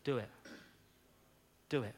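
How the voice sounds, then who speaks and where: A man preaching a sermon voicing the Holy Spirit as a quiet, insistent guiding voice that gives short commands. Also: takes it slowly, natural voice. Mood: firm. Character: gentle, firm male Holy Spirit, guiding voice.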